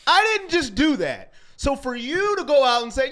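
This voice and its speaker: A man co-hosting a casual fan chat show, animated and mocking, at times rising to near shouts. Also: extremely high pitch, normal speed, hardly any pauses. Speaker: co-host.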